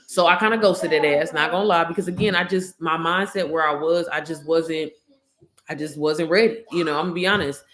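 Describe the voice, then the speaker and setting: A woman's voice: deep voice, steady tone, fairly quick, a bit bright. A woman YouTuber telling a story to her viewers, candid and slangy, swearing freely and calling them y'all.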